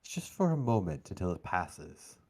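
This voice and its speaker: Low-voiced guy running a tabletop game, slow dramatic narrating. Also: big pitch swings, over a noisy crowd. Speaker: game master.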